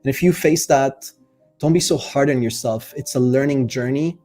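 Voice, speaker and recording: With faint music underneath, a life coach delivers a casual, reflective piece to camera in a dark-toned, medium-pitched voice at a normal pace. He coaches his viewers sincerely, filling pauses as he thinks aloud and sharing his feelings openly.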